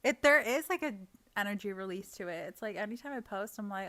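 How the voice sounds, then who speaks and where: A woman's voice: medium pitch, lively intonation, a little fast, bright, forceful tone, no echo. A young woman ranting to camera in a storytime vlog, heated and profane, mocking the people she talks about. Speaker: vlogger. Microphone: desk microphone.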